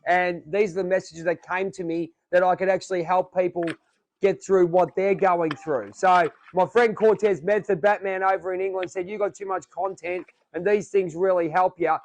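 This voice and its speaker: A man's voice: high-pitched, steady tone, moderate pace, a little mellow, low-quality recording. A man with an Australian accent hosting a podcast in a chatty, jokey way, rambling with fillers. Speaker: podcast host. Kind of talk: casual chat.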